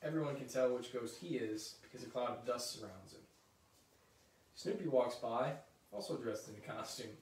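A man reading a children's picture book aloud, with lively, chatty asides between passages. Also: medium pitch, moderate pace. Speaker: story reader. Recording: roomy echo, mic at a distance.

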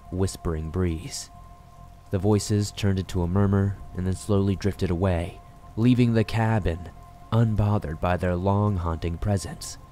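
A man narrating a scripted horror story in a measured, dramatic way. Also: sits low, dark tone.

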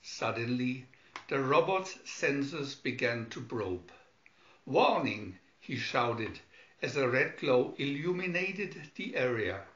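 Male storybook reader, unhurried and deliberate, mid pitch; roomy room, muffled sound. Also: animated, fairly bright tone. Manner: slow, deliberate reading. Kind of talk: storybook narration. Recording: echoey, dull home recording.

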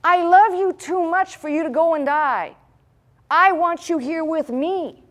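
A woman's voice: extremely high pitch, measured pace, pitched above the performer's own voice. A woman voicing a devoted adult male disciple who pleads insistently with his teacher. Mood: pleading.

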